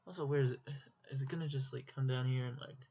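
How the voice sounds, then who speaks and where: A man's voice: mid-range voice, fairly even intonation, fast, mellow, slightly rough. Young minnesotan dude chatting while he draws, rambly, kinda self-deprecating, dull lo-fi mic, mouse clicks behind. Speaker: YouTuber. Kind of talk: casual drawing commentary.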